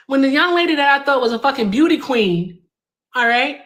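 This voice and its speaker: Blunt, combative young woman host in a heated debate, animated delivery. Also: sits high, brisk. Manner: combative, blunt, cuts in with commands.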